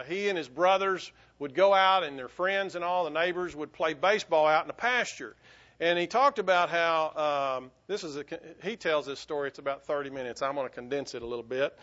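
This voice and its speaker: A man's voice: a little high, fairly bright tone, muffled recording. A man preaching a sermon, telling a story in a rambling way full of restarts and fillers. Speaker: pastor.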